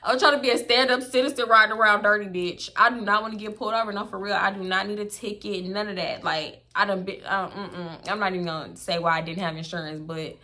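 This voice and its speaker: Bright-voiced, blunt woman telling a story. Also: mid-range voice, fast talker, hardly any pauses. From Houston, Texas. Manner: animated, blunt and profane. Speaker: storytime vlogger. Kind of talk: casual storytelling.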